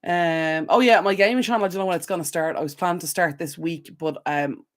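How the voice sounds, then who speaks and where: A woman's voice: lowish voice, a little fast. A young Irish woman hosting a live stream from her desk, rambling in casual rants with plenty of fillers. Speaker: channel host. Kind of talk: live stream chat with viewers. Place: home desk. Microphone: desk camera mic.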